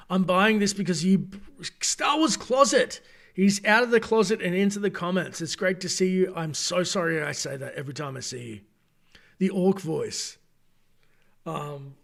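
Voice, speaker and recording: This gaming channel host has a slightly high, gravelly voice. Running a late-night live stream, he rambles chattily to chat, correcting himself as he goes, worn out at this hour.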